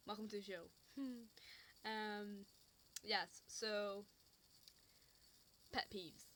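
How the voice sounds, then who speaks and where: A woman's voice: medium pitch, fairly even intonation, very slow, fairly bright tone, a little hiss or hum. A woman vlogger talking unscripted to camera, rambling and complaining in an exasperated way. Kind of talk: casual unscripted rant.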